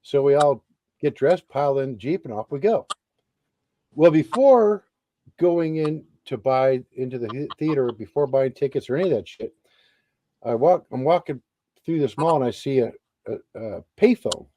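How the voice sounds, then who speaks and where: A middle-aged man and Army veteran telling a story in a casual interview, animated and swearing freely. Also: medium pitch, moderate pace, a little hiss or hum.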